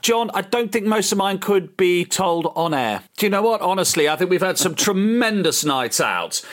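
A man's voice: sits high, expressive, normal speed, fairly bright tone. A man joining the chat with jovial, laughing banter.

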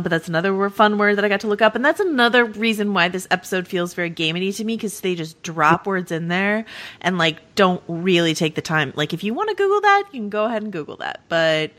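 A woman's voice: lowish voice, a little fast, a bit bright. A woman hosting a casual podcast chat, talking with lots of fillers and frequent laughter. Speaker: podcast host.

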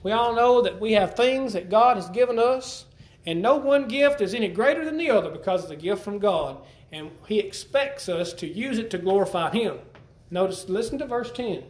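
This preacher's voice is pitched high for a man, expressive and at normal speed, reverberating through a roomy church hall. He speaks conversationally, asking his congregation questions and returning to repeated phrases.

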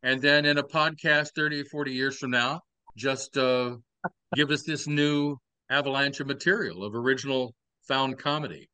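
Older man, southern accent, bright voice, wry anecdote telling, dry close sound. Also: mid-range voice, steady tone, clear, resonant tone, no room sound. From Texas. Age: 60s. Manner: wry, drawn-out storytelling with playful asides. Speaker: podcast host. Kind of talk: casual storytelling chat.

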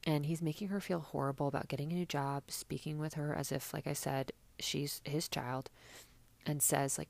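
A woman's voice: sits low, fairly even intonation, moderate pace, creaky, a little mellow, no echo. A young woman chatting casually and sarcastically as a podcast host, with many fillers. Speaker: podcast host recapping reality TV. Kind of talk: casual chat.

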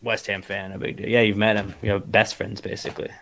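A man co-hosting a podcast, chatting casually and ranting in an animated, slangy way. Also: lowish voice, fairly quick, gravelly, slight background noise. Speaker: podcast co-host. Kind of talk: casual chat.

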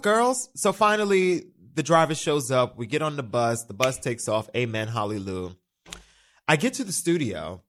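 A man hosting his own podcast, telling a story in a casual, campy, animated way with frequent swearing. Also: mid-range voice. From New York. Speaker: podcast host. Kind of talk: casual solo podcast chat. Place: studio.

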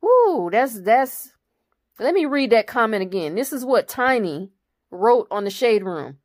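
A woman's voice: fairly high pitch, sing-song, unhurried. A woman hosting her own commentary channel, reading news articles aloud and breaking off into blunt, profane opinions.

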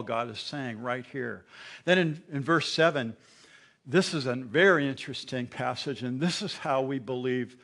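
A man's voice: mid-range voice, gravelly, fairly bright tone. A man preaching a sermon, reading scripture aloud with emphasis and explaining it to his congregation. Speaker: pastor.

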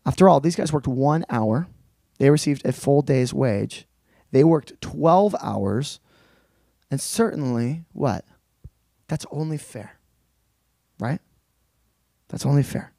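A man's voice: medium pitch, takes it slowly, gravelly, pauses often, dry recording. Man preaching in a casual, slangy way. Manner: relaxed, conversational, slangy explaining with asides. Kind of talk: sermon, teaching through a Bible passage.

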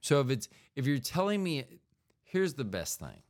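A man's voice: mid-range voice, very animated, moderate pace. A man hosting a solo podcast in a rambling, digressive comedic monologue, full of fillers and playful mouth sound effects. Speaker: podcast host.

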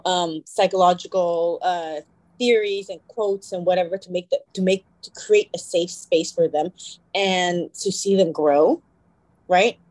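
Here the same kind of podcast co-host, a young woman with a lowish voice, rambles through casual talk, fixing her own words midstream and acting out quotes. The recording is low quality, though there's no echo.

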